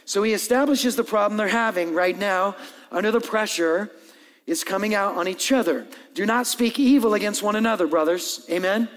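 Pastor, male, lively sermon delivery with playful asides, higher voice, big echoing church. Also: fairly quick. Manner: animated, acts out dialogue and jokes with the congregation. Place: church hall with long reverb.

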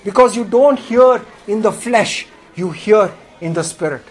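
High-pitched man preaching a sermon, emphatic, asks the congregation questions and draws their responses. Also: a little slow, husky. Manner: emphatic, with sudden jumps in pitch and volume.

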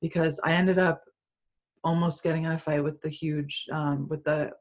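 A young woman with a low, husky voice trades stories on a podcast. She talks bluntly, swears freely and laughs often. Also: level tone, moderate pace. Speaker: podcast co-host. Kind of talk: casual chat.

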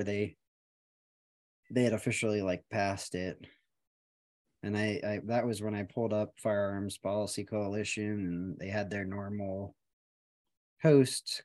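A man's voice: fairly low pitch, a little mellow. Rambling podcast man, dry quips. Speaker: podcast co-host. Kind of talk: casual chat.

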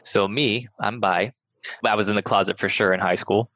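A young man appears as a podcast guest, telling personal stories candidly with frank, casual swearing and lots of "like." His voice is on the low side and fairly bright, with fairly even intonation at a moderate pace. The recording is slightly muffled and dry.

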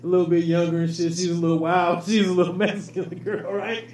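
A man's voice: sits high, level tone, fast, darkish tone. A man telling stories in casual, profane chat, laughing often. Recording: echoey room, faint noise.

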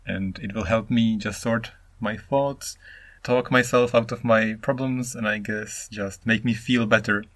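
Non-native man from Czechia, 30s, solo podcast host; lower voice, animated rambling monologue. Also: a little slow, no echo. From Czech Republic. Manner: rambling, animated, acts out intonations.

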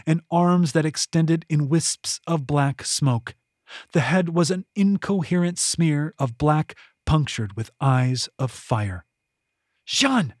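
A man narrating his own fantasy novel as an audiobook, reading in a measured, steady way with dramatic emphasis. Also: a little high, no echo, studio quality.

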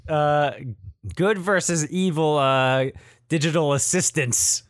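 A man's voice: fairly high pitch, takes it slowly, clear, resonant tone, no echo, clean studio sound. A man co-hosting a casual review chat, easygoing and musing, with hesitant fillers. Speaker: podcast co-host.

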